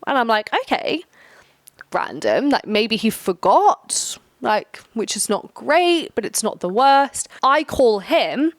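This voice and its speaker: A young woman hosting a casual storytime vlog, chatty and quick, full of filler words. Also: on the high side, very animated, no echo. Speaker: storytime host.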